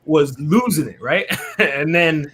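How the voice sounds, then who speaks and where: Amid crowd noise, an interview guest slowly tells his faith story in a fairly high-pitched voice. He's casual and animated, often tagging sentences with "right?" and acting out what other people told him.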